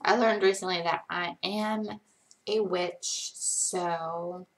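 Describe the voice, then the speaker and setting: A woman's voice: on the low side, steady tone, takes it slowly. A young woman hosting a casual late-night live Q&A from home, chatty and rambling, often poking fun at herself. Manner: chatty, rambling, self-deprecating. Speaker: livestream host.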